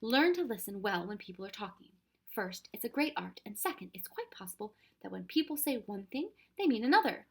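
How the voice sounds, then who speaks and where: A woman's voice: mid-range voice, big pitch swings, fairly quick, vocal fry, fairly bright tone, husky, full character voice. A woman voicing a kindly, fussy older male professor in a storybook reading, with old-fashioned exclamations. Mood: weary.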